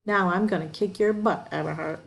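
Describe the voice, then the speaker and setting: A woman doing a gruff, greedy teenage bully. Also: fairly low pitch, brisk, slight background noise, poor audio. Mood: threatening. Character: hulking teenage bully boy, coarse and greedy.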